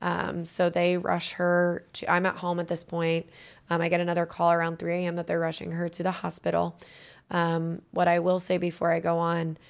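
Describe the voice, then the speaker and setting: A woman with a lowish, gravelly voice recounts a personal story as an interview guest. Her telling is earnest and emotional. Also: monotone, moderate pace.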